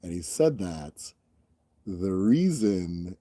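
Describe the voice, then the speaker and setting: A man's voice: sits low, very animated, drawn-out words, warm tone, dry recording, clean studio sound. Loose, profane young man chatting. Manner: loose, profane, laughing, mimics voices. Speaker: host answering viewer questions. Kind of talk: casual Q&A chat.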